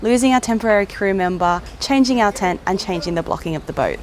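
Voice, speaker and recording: A woman's voice: mid-range voice, lively intonation, fast talker. A young woman hosting a sailing vlog, chatting to the camera in an upbeat, casual way with filler ums. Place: outdoors in a boatyard. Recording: outdoor noise behind.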